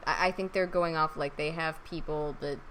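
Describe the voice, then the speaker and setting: A woman's voice: low voice, steady tone, normal speed, a bit bright, slight background noise, poor audio. A woman co-hosting a casual fan podcast, chatty and laughing often. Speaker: podcast co-host.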